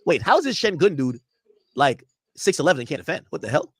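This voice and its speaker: A young male streamer talks fast in a fairly high, very lively voice. He rambles and curses freely as he riffs to his chat. The sound is close and dry, with no room in it. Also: slightly rough, no room sound. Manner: animated, profane, rambling banter with chat. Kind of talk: casual live-stream reaction.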